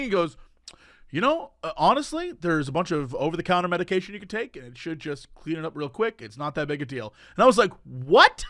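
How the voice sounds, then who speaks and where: High, lively-voiced man, animated. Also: dry recording, studio quality. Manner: animated, exasperated retelling with acted quotes. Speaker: podcast co-host. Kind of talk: casual chat.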